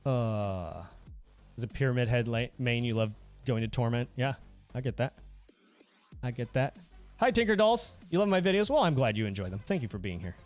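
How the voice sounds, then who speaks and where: This livestream host is a man speaking at a normal speed and medium pitch, with faint music in the background. He's goofy and animated, chatting casually with viewers, reading the chat aloud, and laughing a lot.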